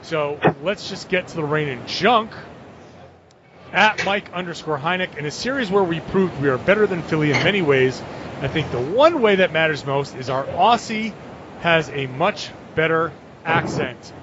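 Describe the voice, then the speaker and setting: A man co-hosting a casual sports podcast, animated as he reads listener tweets aloud. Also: a little high, normal speed. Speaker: podcast co-host. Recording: muffled lo-fi audio with clear background noise.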